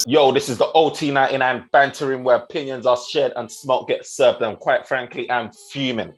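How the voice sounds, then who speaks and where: A young man hosting a casual football banter show, talking in animated slang and teasing his co-host. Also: medium pitch, fairly quick, soft background music. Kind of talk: casual banter, football post-match chat.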